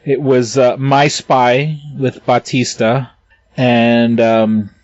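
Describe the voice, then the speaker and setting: A man co-hosting a podcast chats casually and rambles, restarting often and swearing a lot. His medium-pitched voice is slow and level in tone, and the dry recording has a dull lo-fi sound with no room sound.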